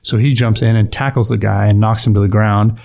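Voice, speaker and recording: Low-voiced man telling a vivid story. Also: steady tone, a little fast, creaky, a little mellow. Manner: vivid retelling, acts out quoted lines, frequent restarts. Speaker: police officer guest. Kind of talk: storytelling interview.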